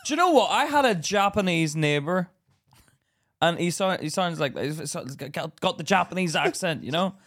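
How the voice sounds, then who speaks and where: High, lively man. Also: moderate pace. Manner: teasing, blunt, swears freely. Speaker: podcast co-host. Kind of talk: casual chat.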